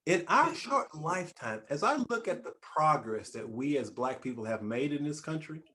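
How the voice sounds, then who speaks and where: A man hosts an interview in a lively, emphatic way, often restarting his phrases. His voice sits a little high for a man, and his pitch swings widely as he makes his points. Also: normal speed, a little hiss or hum. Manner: emphatic and animated, with repeated restarts. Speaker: talk show host. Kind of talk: conversational interview.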